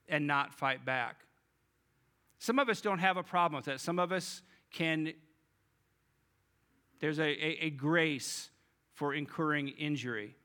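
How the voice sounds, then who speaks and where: Casting: male pastor, bright and forceful, a bit high, chatty preaching. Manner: conversational, addresses the congregation directly. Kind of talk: sermon.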